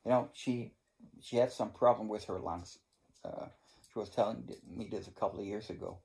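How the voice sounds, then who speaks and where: A man's voice: lowish voice, moderate pace, creaky, mellow. A man hosting a cigar channel who tells a story casually to his viewers, rambling, restarting his sentences and swearing now and then. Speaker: cigar review channel host. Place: home in Germany.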